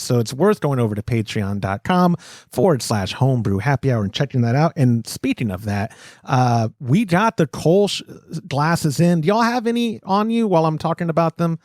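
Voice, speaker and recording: Lively, high-spirited male podcast host. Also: no room sound, clean studio sound. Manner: animated, laughs often, rambling self-corrections. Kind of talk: casual podcast chat with sponsor plugs.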